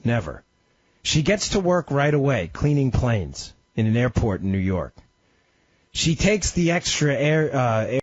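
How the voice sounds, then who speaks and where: A talk radio host with a slightly mellow, husky voice delivers an impassioned monologue, telling a story emphatically with sudden pitch swings and sounding a little ill. He's on a studio microphone with no room sound, and the radio studio audio is dry and slightly dull.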